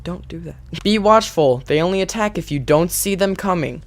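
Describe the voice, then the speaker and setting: An excitable man plays through a horror game, reading the on-screen story aloud between gasps and quick laughs. His voice sits a little higher than most men's. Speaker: gaming YouTuber. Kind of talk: let's-play commentary and reading game text aloud.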